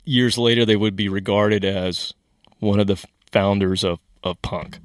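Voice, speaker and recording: Low-voiced man hosting a music podcast. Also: a little slow, clear, resonant tone, no echo, studio quality. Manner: relaxed, explanatory, with restarts. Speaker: podcast host. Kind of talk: casual chat about music.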